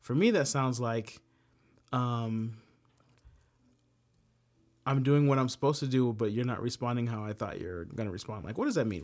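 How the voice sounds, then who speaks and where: A man leading a casual Bible study, with a voice of ordinary middle pitch. He reads scripture aloud and then explains it in plain talk. Joking asides break up the readings. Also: normal speed, pauses often, a little mellow.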